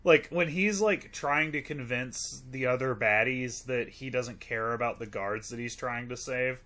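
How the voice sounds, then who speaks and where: A man's voice: medium pitch, a little slow, pushed and bright. A man in casual podcast chat about a movie, rambling and gushing, full of fillers and swearing. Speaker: podcast co-host reviewing a movie.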